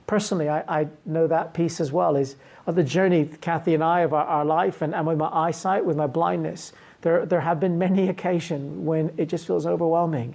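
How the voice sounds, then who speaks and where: Earnest woman pastor, husky and fairly low, preaching with frequent restarts. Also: dark tone. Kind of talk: sermon.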